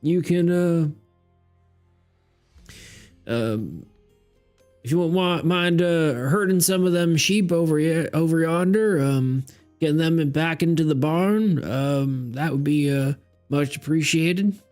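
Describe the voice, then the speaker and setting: A folksy old farmer drawls with a Southern twang, as a man puts him on. His thin, crackly voice sits a little high and creeps along at a very slow pace. Soft music plays underneath. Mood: kindly. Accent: put-on Southern twang. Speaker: game master voicing a character.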